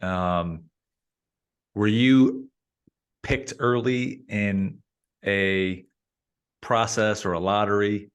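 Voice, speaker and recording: A man with a fairly low voice hosts a casual interview. He asks long questions that wander and restart, and he repeats words as he finds his way. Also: fairly even intonation, very slow, long pauses, clear, resonant tone. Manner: rambling questions with many restarts. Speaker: interview host.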